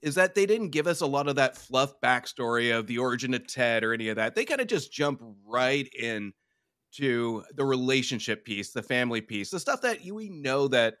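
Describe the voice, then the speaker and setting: A man's voice: mid-range voice, very animated, moderate pace, fairly bright tone, dry recording, clean studio sound. A man appearing as a guest podcast host in casual chat, talking in an earnest way.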